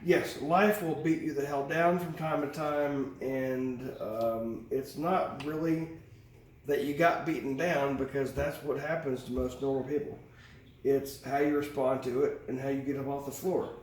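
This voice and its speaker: A man's voice: mid-range voice, steady tone, measured pace. A man giving a casual, rambling tarot reading, candid and swearing freely, recorded at a distance in a very echoey room. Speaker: tarot reader. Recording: very echoey room, distant mic, faint hiss.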